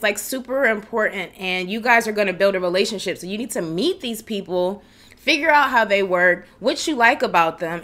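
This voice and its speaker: Bright-voiced chatty woman. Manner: chatty, direct, acts out quoted people in higher voices. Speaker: wedding planning host. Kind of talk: casual live Q&A advice.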